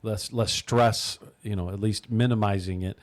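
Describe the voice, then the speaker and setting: A man's voice: fairly low pitch, steady tone, moderate pace. A man hosting a talk show, chatting with a guest in an affirming, reflective way and often restarting his phrases. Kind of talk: interview chat.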